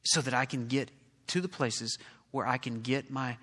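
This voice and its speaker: A man's voice: mid-range voice, moderate pace, a bit bright. A man preaching a sermon as pastor, building his delivery to emphatic peaks. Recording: long reverb of a large hall.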